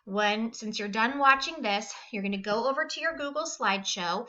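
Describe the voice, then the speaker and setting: A woman teaching a recorded second-grade lesson in an upbeat, clearly enunciated voice. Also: fairly high pitch, pushed and bright. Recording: echoey room, slightly dull sound.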